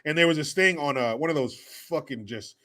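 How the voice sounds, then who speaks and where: A man's voice: a little high, fairly quick, bright, forceful tone. A man hosting a livestream, chatting casually and reading viewer donations with crude, profane jokes. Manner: crude, joking, profane banter. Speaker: livestream host.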